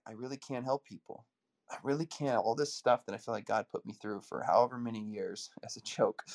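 Young male coach, heartfelt and rambling, quick gravelly delivery, lowish voice. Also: darkish tone. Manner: heartfelt, rambling, with many restarts. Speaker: coach and speaker in a group audio room. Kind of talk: emotional personal talk.

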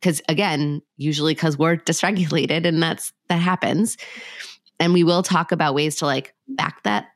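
A woman with a low voice, speaking as a psychologist on a podcast. She explains things calmly and leans on everyday examples. The sound is close and dry, with no room echo. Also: moderate pace. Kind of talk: casual podcast discussion.

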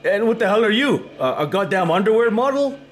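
An actor with a Canadian accent playing a gruff, cursing, irritable drinking man in a stage play. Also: high-pitched, animated, fairly quick, faint music behind. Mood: grumbling. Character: grumpy, fed-up man Floyd.

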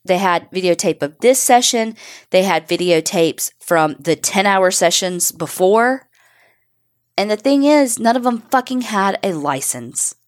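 A woman's voice: mid-range voice, lively intonation, measured pace. A woman co-hosting a podcast, bluntly recounting a true crime case and swearing. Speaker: podcast co-host.

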